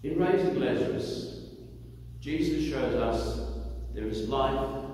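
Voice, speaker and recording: A man, a priest, reading the gospel and giving a homily in a slow, measured way. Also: mid-range voice, lively intonation, a little mellow. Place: church. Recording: echoey church hall from far off.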